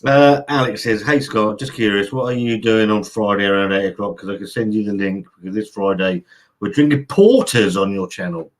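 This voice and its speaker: A man's voice: lowish voice, a little fast. A man hosting a casual live stream from home, rambling, swearing casually and reading out chat messages. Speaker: channel host. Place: home room by an open window.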